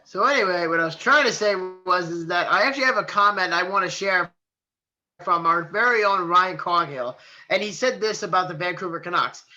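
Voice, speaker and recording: A man co-hosting a casual hockey podcast, chatty and quick to flare up into swearing. His voice is high and sharply bright. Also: lo-fi sound. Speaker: podcast co-host. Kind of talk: casual sports podcast chat.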